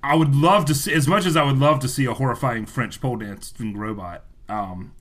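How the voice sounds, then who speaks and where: A man's voice: mid-range voice, brisk, fairly bright tone. A man guessing quiz answers on a casual podcast, cracking jokes and swearing freely. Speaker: podcast co-host, quiz contestant.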